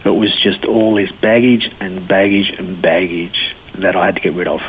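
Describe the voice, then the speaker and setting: A man's voice: low voice, steady tone, moderate pace. A man in his forties with an Australian accent, a blunt, laid-back guest telling his life story and laughing easily. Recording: tinny phone-line sound, faint hiss.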